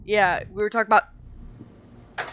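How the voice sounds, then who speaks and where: A woman's voice: mid-range voice, fairly even intonation, pushed and bright, a little hiss or hum, poor audio. A woman telling a story in rambling casual chat, often restarting with "anyway" and snapping back at interruptions. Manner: rambling, lots of "anyway", quick to snap back.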